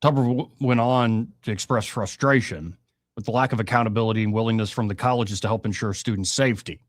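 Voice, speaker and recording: A man's voice: fairly low pitch, fairly even intonation, fast, no room sound, studio quality. A man, hosting a casual political talk show and cracking blunt jokes between news items. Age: 30s. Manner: wisecracking, blunt, lots of fillers. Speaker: radio talk show host.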